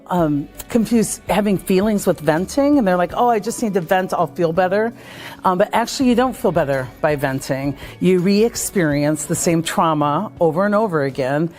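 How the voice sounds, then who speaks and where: Upbeat woman talking about work drama at a conference, faint music behind. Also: fairly low pitch. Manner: energetic, acts out quoted voices. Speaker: speaker on leadership. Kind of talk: conference talk and vlog.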